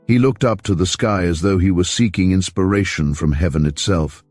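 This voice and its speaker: A man reading a crime novel aloud in an even, measured way as audiobook narrator. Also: low voice, no echo, soft background music. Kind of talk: scripted narration.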